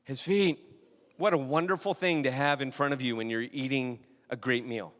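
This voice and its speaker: A man's voice: mid-range voice, moderate pace, fairly bright tone, big-room sound. A man preaching a sermon in a conversational, storytelling way, often asking the audience questions. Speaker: pastor.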